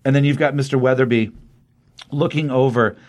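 This is a middle-aged man co-hosting a comics review podcast, relaying plots conversationally with lots of fillers. His voice is medium-pitched and darkish, brisk, with fairly even intonation.

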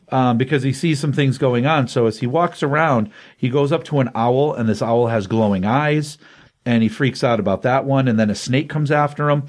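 A man hosting a comics podcast and retelling a comic book story in a loose, conversational way, dipping in and out of quoted lines. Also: medium pitch. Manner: animated storytelling with quick voiced quotes.

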